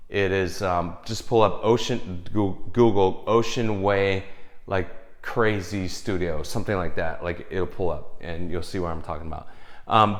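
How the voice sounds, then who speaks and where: A man in casual monologue, telling studio stories with a slightly low voice. He rambles, restarts, swears freely and slips into little voices for the people he quotes. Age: young adult or older, past twenties. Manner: rambling, profane, acts out quotes. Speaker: film composer.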